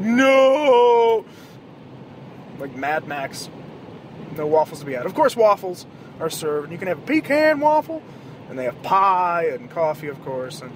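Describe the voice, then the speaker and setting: High-voiced man ranting profanely. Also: a little hiss or hum. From American South. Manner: profane, rambling, animated outbursts. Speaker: podcast host. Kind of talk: casual rambling monologue. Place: car at night.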